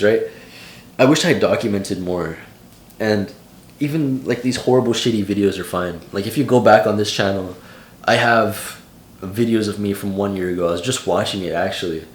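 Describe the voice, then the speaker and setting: A man's voice: fairly low pitch, moderate pace, a little mellow, roomy sound. A young man in his late teens giving casual vlog advice in a loose, slangy way full of "like". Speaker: vlogger.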